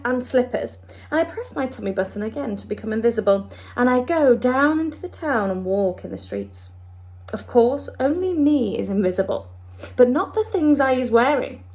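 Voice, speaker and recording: Boastful boy, excited and bouncy, as a woman reads him aloud. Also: on the high side, moderate pace. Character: boastful young boy dreamer.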